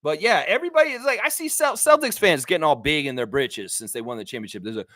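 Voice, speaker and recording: A man's voice: on the high side, lively intonation, fast, pushed and bright, no room sound. A man from Canada hosting a live sports chat stream, reading chat aloud and ranting bluntly with lots of fillers. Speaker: livestream host.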